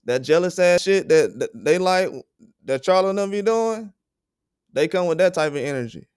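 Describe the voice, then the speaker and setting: A man's voice: high-pitched, expressive, normal speed, a little mellow, smooth, no echo. Male livestream host, fired-up and profane, clean resonant tone with a dry close sound. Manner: blunt, profane, indignant. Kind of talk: heated livestream rant.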